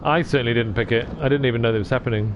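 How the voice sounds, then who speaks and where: A man's voice: mid-range voice, racing, highs cut off, background noise. A man live-streaming a game, chatting casually, reading dialogue aloud and laughing at himself. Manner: chatty, self-deprecating, reads dialogue aloud.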